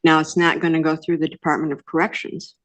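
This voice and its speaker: An older woman speaking as a defendant in court, earnest and rambling, with soft hesitations. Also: low-pitched, level tone, fast talker. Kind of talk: courtroom testimony.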